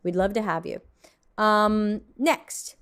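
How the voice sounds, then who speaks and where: A woman hosts a casual livestream from her desk, reading out viewer submissions and reacting to them. She is frank and mildly snarky, filling her talk with ums and restarts. Her pitch sits right in the middle of the usual range. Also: slow pace, a bit bright, clear, resonant tone.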